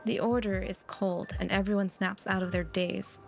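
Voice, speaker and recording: A woman's voice: medium pitch, level tone, normal speed, creaky, hardly any pauses, faint music behind. A young woman streamer reading a story game aloud and chatting casually with viewers. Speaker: VTuber streamer.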